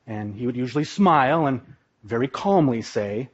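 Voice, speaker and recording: A man's voice: mid-range voice, lively intonation, fairly quick. A man from Minnesota giving a live stage talk, telling his story in a vivid, dramatic way. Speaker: speaker, former pro wrestler. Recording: dull, lo-fi live recording.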